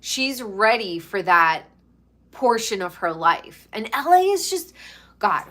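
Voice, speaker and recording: Slow, chatty gossiping woman. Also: mid-range voice, fairly bright tone. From New York. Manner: gossipy, chatty, drawn-out emphatic delivery. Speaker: pop culture commentator. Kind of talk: casual chat.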